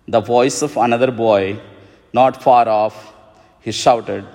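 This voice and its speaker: A priest gives a homily in a slow, unhurried cadence. His voice rings out through the long reverb of a large church. The pitch sits at an ordinary middle level for a man. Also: a little mellow. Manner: slow, measured storytelling delivery.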